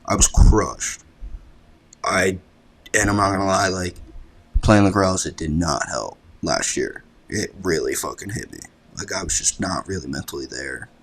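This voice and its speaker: A young man with a very low voice talks loosely through a personal story as a podcast guest. He rambles, leans on "like", and curses casually. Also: measured pace, a bit bright. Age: young adult. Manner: laid-back, rambling, swears freely, fills with "like". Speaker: podcast guest, college lacrosse player.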